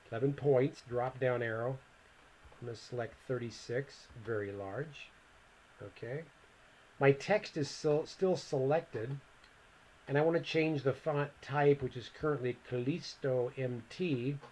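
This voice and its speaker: Man talking through a software tutorial. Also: mid-range voice, slight background noise. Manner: relaxed step-by-step walkthrough, thinking aloud. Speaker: computer instructor. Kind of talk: screen-recorded software tutorial.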